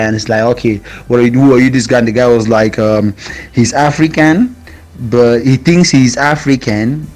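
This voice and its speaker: A man reviewing a rap diss track in casual commentary, rambling and halting with fillers and restarts. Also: mid-range voice, darkish tone. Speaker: music reviewer.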